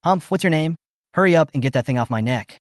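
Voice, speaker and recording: A man's voice: on the high side, expressive, quick pace, dry recording, clean studio sound, voice pushed up, close to an everyday voice. A man voicing an arrogant older American beast master in a recap story, talking in a blustering, threatening way.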